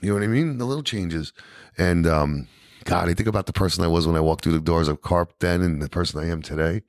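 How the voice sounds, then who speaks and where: A man with a New York accent telling his recovery story as a podcast guest, animated and peppered with "you know what I mean". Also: sits low, quick pace, dry recording, clean studio sound.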